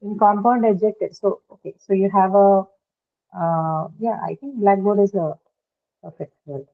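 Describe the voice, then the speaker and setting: A woman's voice: mid-range voice, steady tone, moderate pace, vocal fry. A woman teaching an online phonetics lesson, asking frequent check questions and using many fillers. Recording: tinny phone-like call audio.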